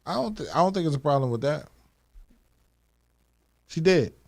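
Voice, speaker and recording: A man's voice: a little high, sing-song, normal speed, creaky, a little mellow. A man co-hosting a radio talk show, trading teasing banter in casual chat. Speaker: radio co-host.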